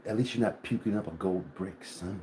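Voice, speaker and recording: A man's voice: fairly quick, warm tone, a little hiss or hum. A man vlogging casually outdoors on a cattle farm, talking in a playful, slangy, teasing way. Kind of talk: casual vlog chat. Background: cattle lowing nearby.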